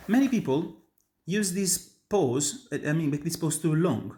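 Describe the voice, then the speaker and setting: A man's voice: mid-range voice, very animated, unhurried, a little mellow. A man from Italy, a native Italian speaker with an Italian accent, explaining an opera aria to students in an earnest, emphatic way, often restarting his sentences. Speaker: opera tenor and voice teacher. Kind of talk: instructional talk on singing.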